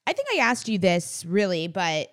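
A woman's voice: on the low side, sing-song, moderate pace. A woman co-hosting a podcast in casual chat, teasing and blunt, laughing often. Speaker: podcast co-host.

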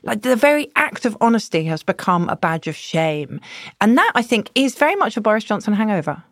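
A woman journalist talking casually on a podcast, animated and thinking aloud with frequent restarts. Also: mid-range voice, fairly quick, no echo, clean studio sound. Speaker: journalist guest.

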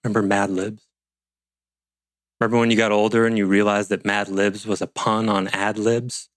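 A man's voice: fairly low pitch, flat delivery, moderate pace, no room sound. A man teaching an online leadership class over a video call, rambling with playful asides and self-interruptions. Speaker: course instructor.

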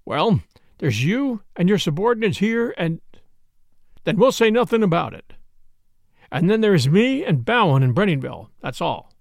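A man's voice: sits high, very animated, normal speed, gravelly, no echo, studio quality, exaggerated voice. A man playing a stammering, shaken sheriff. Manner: stammering, faltering. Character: shaken, faltering male sheriff, middle-aged.

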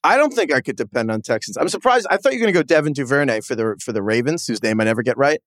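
A man co-hosting a podcast who talks fast and keeps his pitch bouncing all over. He sounds quick and chatty and laughs at himself. The sound is close and dry. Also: expressive, fairly bright tone, no echo. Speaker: podcast co-host. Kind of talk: casual sports podcast chat.

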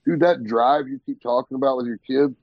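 A man's voice: medium pitch, steady tone, a little fast, no room sound, highs cut off. A man co-hosting a podcast, casually telling easygoing stories from his past. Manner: easygoing, nostalgic storytelling. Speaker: podcast co-host.

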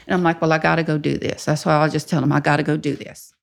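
A woman's voice: low-pitched, fast talker, creaky. An older woman telling her story bluntly in an interview, swearing freely and acting out what others said. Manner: blunt, profane, quotes others in lively voices. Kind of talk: candid storytelling.

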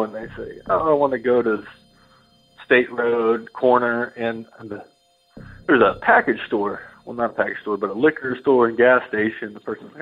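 A man's voice: mid-range voice, fairly even intonation, moderate pace. Man telling a story over the phone. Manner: rambling, acts out quoted voices. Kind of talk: casual storytelling. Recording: phone-line audio with faint music.

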